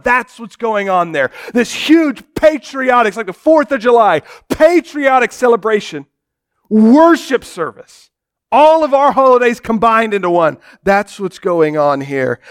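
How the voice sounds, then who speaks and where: High-voiced male preacher, dramatic. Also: clean tone. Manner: dramatic preaching, swinging from shouts to hushed low tones. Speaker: pastor. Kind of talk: sermon.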